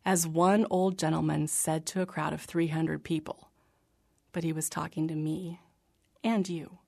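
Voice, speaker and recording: A woman reading her personal faith memoir aloud in an earnest, reflective manner, sometimes dropping to a soft whisper. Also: low-pitched, flat delivery, unhurried, vocal fry. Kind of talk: scripted narration.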